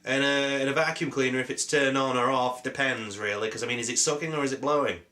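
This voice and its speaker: A young British man with a sore throat and a cold, answering viewer questions in a rambling, jokey, deadpan way with many ums. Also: medium pitch, quick pace. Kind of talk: rambling casual Q&A.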